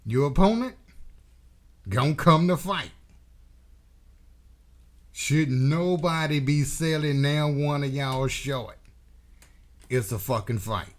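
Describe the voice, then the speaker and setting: A man's voice: on the high side, takes it slowly, pauses often. A man hosting a boxing commentary channel, delivering a blunt, profane, emphatic opinion rant.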